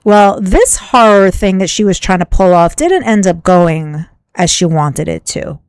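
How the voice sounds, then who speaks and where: A woman's voice: fairly low pitch, animated, a little slow, clean tone, dry recording. A woman hosting a commentary video, thinking aloud in a casual, musing way with lots of "like"s. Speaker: commentary host.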